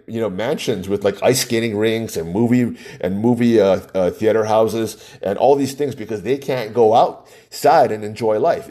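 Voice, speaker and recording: A man hosting a solo podcast, speaking in a mellow, dark-toned voice at an ordinary pitch. He rambles and gives his opinions freely, with frequent chuckles, fillers and restarts. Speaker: podcast host. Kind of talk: casual solo podcast monologue.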